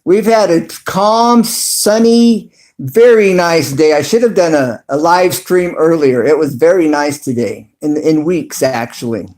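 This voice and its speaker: Slow, high-voiced man reading his chat. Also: darkish tone. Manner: reads chat aloud haltingly with many fillers and chuckles. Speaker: livestream host. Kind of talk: casual livestream chat reading viewer comments.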